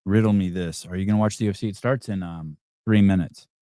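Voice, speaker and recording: A man's voice: deep voice, fairly even intonation, quick pace, warm tone, dry recording, studio quality. Sarcastic rambling male podcast host. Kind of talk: live call-in chat.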